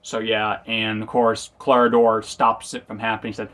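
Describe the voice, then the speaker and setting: A man's voice: on the low side, completely flat delivery, moderate pace, a bit bright. A man casually recapping and reviewing a TV episode, rambling and correcting himself as he goes. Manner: rambling, self-correcting, acts out quotes.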